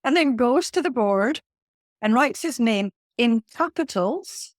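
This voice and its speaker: Lively woman telling a story. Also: on the high side, takes it slowly, no room sound, clean studio sound. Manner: lively, animated anecdote-telling. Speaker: leadership coach, guest. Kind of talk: conversational storytelling.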